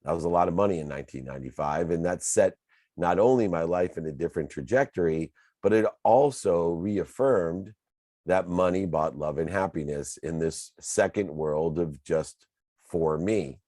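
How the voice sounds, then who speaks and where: A man in his fifties with a low, mellow voice tells his own life story as a motivational speaker. He speaks in an earnest, confessional way. The sound is close and dry, with no room echo. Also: normal speed. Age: 50s. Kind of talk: personal storytelling talk.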